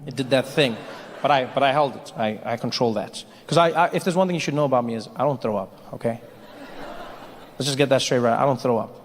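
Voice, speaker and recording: A man doing a stand-up comedy set, telling stories in an animated, self-mocking way. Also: medium pitch, fast talker, slight background noise. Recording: reverberant hall, faint ambience.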